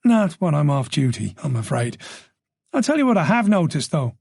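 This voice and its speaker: A man's voice: fairly high pitch, very animated, normal speed, vocal fry, darkish tone, husky, no room sound, studio quality, full character voice. A man voicing a reserved, polite middle-aged police chief inspector in a story. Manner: polite, modest, guarded.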